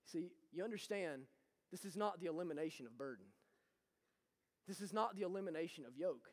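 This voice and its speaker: A man, preaching a sermon and swinging from loud to hushed. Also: high voice, expressive, a little fast. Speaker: pastor. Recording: long hall reverb.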